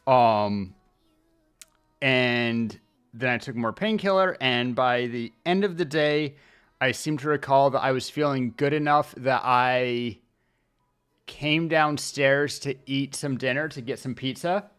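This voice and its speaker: A male streamer chatting casually, rambling along with pauses and restarts as he talks into his desk mic. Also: medium pitch, fairly bright tone, clean tone. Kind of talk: casual livestream chat. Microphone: desk mic at streaming setup.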